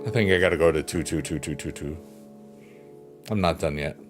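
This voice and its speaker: A man live-streaming, chatting casually and reading viewer comments, soft-spoken and reflective, pausing with fillers. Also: rumbling low. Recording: piano music playing behind the voice.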